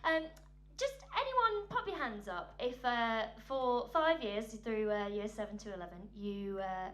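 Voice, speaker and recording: A woman's voice: fairly high pitch, unhurried. Chatty woman doing stand-up. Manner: chatty and self-mocking, with frequent ums and laughter. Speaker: stand-up comedian. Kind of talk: anecdotal stand-up comedy. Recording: steady hum in the background.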